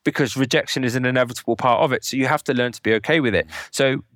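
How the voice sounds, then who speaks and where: A man's voice: mid-range voice, fairly bright tone, no room sound. A man as a podcast guest, explaining at length with examples in a conversational interview. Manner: rapid, explanatory, lecturing with examples.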